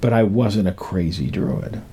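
An older man telling a rambling personal story from his youth, halting and full of pauses and restarts. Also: low voice, lively intonation, dark tone, slight background noise.

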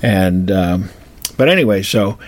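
A man's voice: low voice, expressive, measured pace. Rambling older man telling stories. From Colorado. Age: 70s. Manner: rambling and anecdotal, with fillers and restarts. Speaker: radio host. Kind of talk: casual storytelling.

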